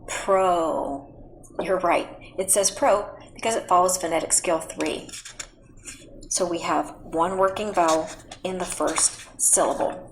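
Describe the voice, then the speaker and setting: A woman teaching a phonics lesson to children at home, speaking slowly and patiently and spelling words out letter by letter. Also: lowish voice, steady tone, slight background noise, low-quality recording. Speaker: reading teacher.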